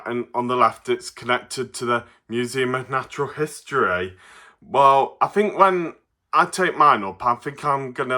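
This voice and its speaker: Bright-voiced Derbyshire man reviewing toys. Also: medium pitch. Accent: Derbyshire English. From Derbyshire, England. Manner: chatty, chuckles often, halting with fillers. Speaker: toy reviewer. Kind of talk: casual unboxing review.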